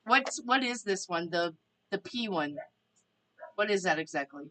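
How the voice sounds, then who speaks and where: A woman who reads tarot hosts a laid-back live stream, talking with viewers and voicing their questions. Her medium-pitched voice is expressive, bright, and forceful, at a measured pace. The recording is low quality.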